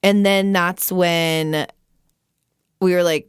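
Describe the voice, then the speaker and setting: A woman with a lowish, lively voice co-hosts a casual podcast. She laughs often and makes crude jokes. The recording is close and dry. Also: moderate pace, clean tone, no echo. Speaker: podcast co-host. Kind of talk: casual chat.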